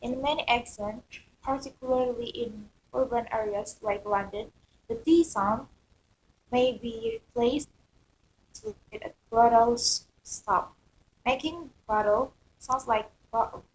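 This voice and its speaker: A woman's voice: a little high, slow pace, lo-fi sound. A woman student reading a class presentation aloud, going steadily through a list of points. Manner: steady reading of listed points, occasional stumble. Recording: faint background noise.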